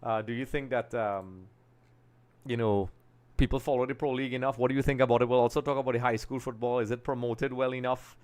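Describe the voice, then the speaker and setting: Here a young adult from Trinidad and Tobago, medium-pitched with a darkish tone, speaks quickly and steadily while hosting a live football talk show. His style is relaxed and meandering as he thinks aloud and pulls up material on screen.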